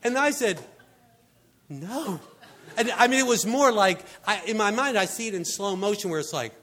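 A man's voice: high-pitched, brisk. A man preaching a conversational sermon, telling stories and filling gaps with "I mean" and "you know.". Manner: animated storyteller, frequent fillers like "I mean" and "you know". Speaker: pastor.

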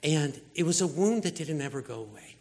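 A man's voice: on the high side, fairly quick. A man preaching a sermon in a casual, conversational way, acting out voices as he retells stories. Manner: casual, animated storytelling with acted-out voices. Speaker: pastor.

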